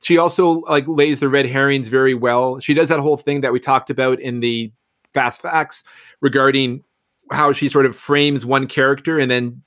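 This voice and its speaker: A man's voice: medium pitch, steady tone, moderate pace, a bit bright. Chatty man discussing a mystery novel. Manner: thoughtful, loose, many fillers. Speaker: podcast co-host. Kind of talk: casual book discussion.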